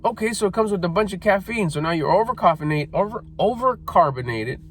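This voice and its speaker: A middle-aged man delivers a confrontational motivational talk, swearing casually and mimicking people's whiny excuses. His voice sits slightly high for a man and leaps up and down with lively, animated pitch. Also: brisk, slight background noise. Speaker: motivational speaker. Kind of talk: blunt motivational monologue.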